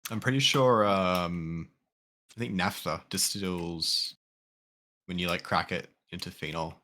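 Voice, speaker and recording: A man's voice: low voice, unhurried, pushed and bright. A man in casual voice chat with friends while gaming, thinking aloud and swearing now and then. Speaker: game player.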